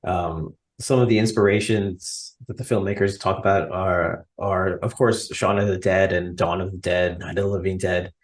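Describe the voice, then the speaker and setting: An American man with a fairly low voice chatting about films on a podcast. He is enthusiastic and a little rambling, with frequent fillers and restarts. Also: steady tone, normal speed, few pauses. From United States. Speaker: podcast co-host. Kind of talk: casual chat.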